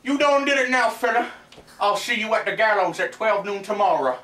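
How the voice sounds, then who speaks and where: A man's voice: high voice, animated, a little fast, pushed and bright, slight background noise. A young man playing a swaggering, boastful cowboy gambler in an amateur student film, trash-talking in a put-on western drawl. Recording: echoey room, far from camera mic.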